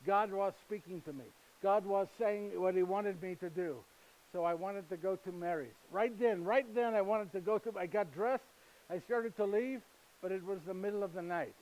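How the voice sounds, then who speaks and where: An actor playing a humble, earnest Saint Joseph in a live monologue, speaking halting, slightly broken English directly to his listeners. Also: high voice, darkish tone, lightly acted, poor audio. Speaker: actor in first-person monologue. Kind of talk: live dramatic monologue to an audience. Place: retreat gathering with live audience.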